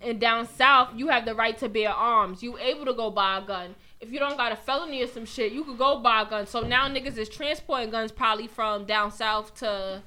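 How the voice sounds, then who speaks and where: Podcast guest, woman, bright voice, blunt and earnest. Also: a little high, a little fast, hardly any pauses. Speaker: podcast guest, media personality. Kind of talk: casual chat.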